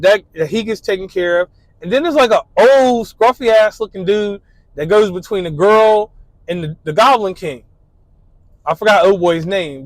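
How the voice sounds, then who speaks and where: A man's voice: high voice, dry recording, rough recording. A man talking casually in a laid-back, slangy way, full of "you know" fillers, as he describes his ideal date. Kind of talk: casual spoken monologue.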